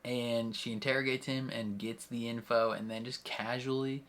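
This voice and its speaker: A young man casually recapping and reacting to a TV episode, retelling scenes with lively acted-out quotes and frequent laughter. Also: mid-range voice, moderate pace. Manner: animated retelling, acts out quoted lines, laughs often. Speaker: reaction video host.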